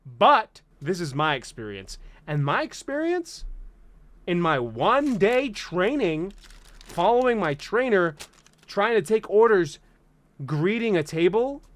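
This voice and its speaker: Twenties guy, dramatic comic vlogger, bouncy higher voice, dry close mic. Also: very animated, a little slow, no room sound. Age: 20s. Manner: dramatic, exaggerated, self-mocking. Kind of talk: comedic vlog rant.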